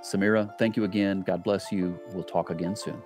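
Very deep-voiced male podcast host. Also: steady tone, a little fast, music in the background. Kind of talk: podcast interview and outro.

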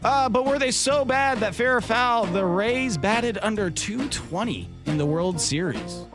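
Lively man, a sports radio producer. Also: high voice, a little slow, over music. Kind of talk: casual sports talk.

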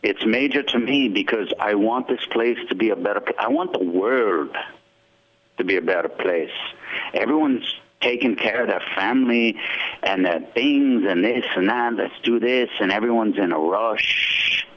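A man calling in to a radio show, musing slowly and philosophically. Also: fairly low pitch. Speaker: radio caller. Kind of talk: call-in monologue. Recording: dull phone-in line.

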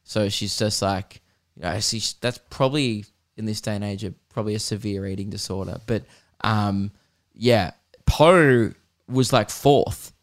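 A man's voice: on the low side, moderate pace. A young Australian man hosting a podcast, rambling through jokes and swearing freely in casual comedic chat. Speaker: podcast host.

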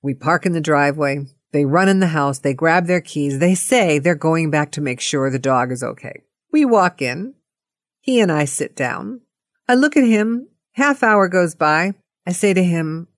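A middle-aged woman telling a personal anecdote in a playful, animated way. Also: low-pitched, unhurried, no echo, studio quality. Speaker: storyteller.

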